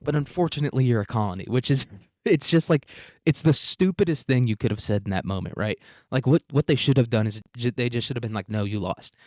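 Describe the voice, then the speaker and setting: A man's voice: medium pitch, fast, a little mellow, dry recording, clean studio sound. A man hosting a casual history podcast, talking in an irreverent, profane way and acting out the people he quotes. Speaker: podcast host.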